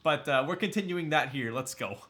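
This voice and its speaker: A man's voice: a little high, lively intonation, fairly quick, fairly bright tone. A man chatting casually on a live stream, hyped up, thanking viewers and laughing often while building a keyboard.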